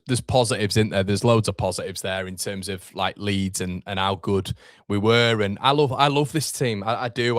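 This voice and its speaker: A man's voice: fairly low pitch, dry recording, clean studio sound. A young man hosting a live fan watchalong, reacting with frustration and swearing as he talks to his chat.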